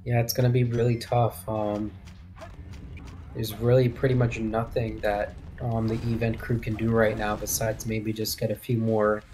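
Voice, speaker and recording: A man's voice: on the low side, completely flat delivery, normal speed, warm tone. A man giving live commentary on a speedrun match, thinking aloud and often checking with his co-host for agreement.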